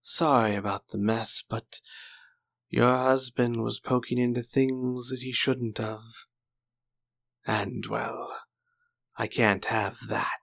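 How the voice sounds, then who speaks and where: A man's voice: medium pitch, fairly even intonation, takes it slowly, gravelly, long pauses, fairly bright tone, exaggerated voice. A man voicing a sly older male swordsman who mocks and taunts with false politeness. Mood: mocking. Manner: sneering, condescending, mock-polite.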